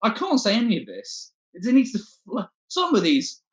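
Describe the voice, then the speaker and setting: A man's voice: high-pitched, wildly swooping pitch, normal speed, breathy edge. Guy doing rambly standup over a dull webcam mic, voice jumps up and down a lot. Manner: scattered, self-deprecating, sweary. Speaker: stand-up comedian. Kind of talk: rambling online stand-up set.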